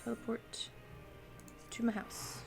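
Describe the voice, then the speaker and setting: A woman's voice: slow, music in the background. A woman streaming a video game, chatting casually and thinking aloud as she plays and answers her chat. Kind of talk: casual live-stream commentary while playing.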